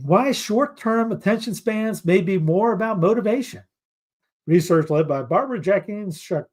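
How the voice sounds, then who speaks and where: A man's voice: sits high, darkish tone. A middle-aged man from North Carolina, hosting a casual news commentary show, reading headlines aloud and mocking them, with rambling asides. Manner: sarcastic, reads headlines aloud and mocks them; rambling asides while searching for clips.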